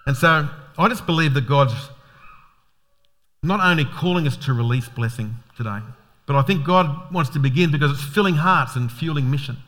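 Guy preaching, kinda high bright voice, acts out people in his stories and chuckles a lot. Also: normal speed. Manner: storytelling with animated quoted voices and chuckles. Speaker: pastor. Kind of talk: sermon.

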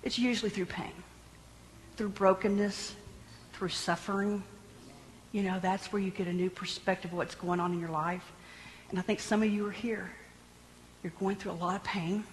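A woman preaching a sermon in a lively, animated way, joking with her congregation. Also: mid-range voice, normal speed, pauses often, in a large hall, a little hiss or hum, rough recording.

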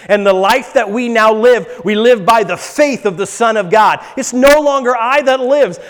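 A pastor giving an emphatic sermon, repeating words for stress, in a church. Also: male voice, high voice, a bit bright. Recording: long hall reverb.

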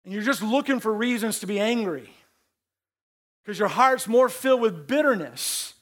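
A male pastor delivers a sermon in a conversational style. His voice sits high for a man, and he doubles back on words to press his points. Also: lively intonation, moderate pace, fairly bright tone. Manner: conversational preaching with emphatic repeats.

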